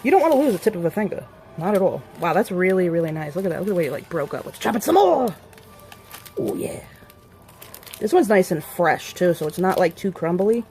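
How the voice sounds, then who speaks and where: A woman vlogging a casual hands-on demonstration, chatting and rambling to viewers as she works, with playful warnings and quick asides. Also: on the low side, expressive, a little mellow, faint music behind. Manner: chatty and rambling, talks to viewers while working.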